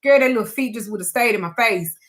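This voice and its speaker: A woman's voice: fairly high pitch, quick pace, a bit bright. A woman speaking to her audience as a spiritual advisor and tarot reader, frank and emphatic, with blunt swearing. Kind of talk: candid talk to camera.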